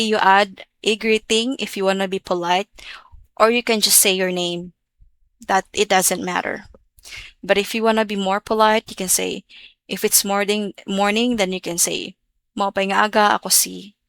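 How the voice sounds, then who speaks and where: A woman walks through a relaxed, chatty language lesson at a middling pitch. She repeats each example phrase a few times. The sound is dry and close, with no room around it. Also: moderate pace, no echo. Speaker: language teacher.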